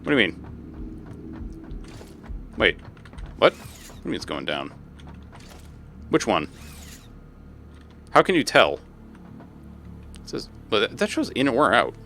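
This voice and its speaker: A man streaming a game, chatting casually with friends while he plays, swearing freely and easily excited. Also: fairly low pitch, vocal fry, a little hiss or hum. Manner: profane, excitable, quick to swear and laugh. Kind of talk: casual gaming stream chat.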